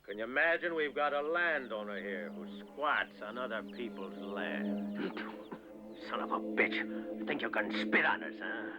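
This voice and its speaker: A man's voice: on the low side, moderate pace, natural voice. An actor playing a cruel male mob leader who mocks and taunts a captive before a crowd, in a 1970s film drama. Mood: jeering. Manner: mocking, taunting, shouting to a crowd. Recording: dull old film soundtrack with loud music.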